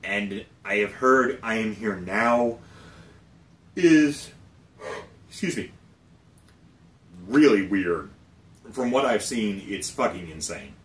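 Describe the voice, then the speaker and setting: Animated man in a roomy distant recording. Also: on the low side, moderate pace, few pauses. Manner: animated, swearing, rising into excited emphasis. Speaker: co-host. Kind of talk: casual chat about movies. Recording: roomy sound from a distant mic, faint noise.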